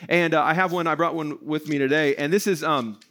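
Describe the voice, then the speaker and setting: A man's voice: a little high, fairly even intonation, fairly quick, sharp tone. A middle-aged man preaching a casual sermon to an online audience, chatty and self-deprecating, acting out little scenes along the way. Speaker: pastor.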